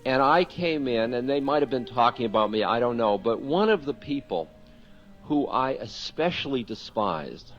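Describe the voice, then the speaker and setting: A man's voice: mid-range voice, expressive, normal speed. A man gives a spiritual talk, telling a candid story at his own expense and breaking into chuckles. His voice sits in a middle range for a man. The recording is dull and lo-fi, with faint music underneath. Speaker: spiritual teacher.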